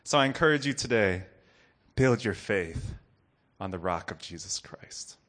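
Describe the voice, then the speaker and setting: A man preaching a sermon to a congregation, earnest, dropping to soft low lines and rising to loud ones. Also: lively intonation, a little slow. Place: room with a congregation.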